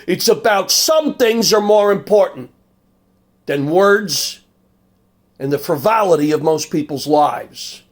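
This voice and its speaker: An older man commenting on a video clip in a blunt, combative monologue, dropping low and quiet when he turns menacing. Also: animated, slow pace. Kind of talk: angry monologue with storytelling.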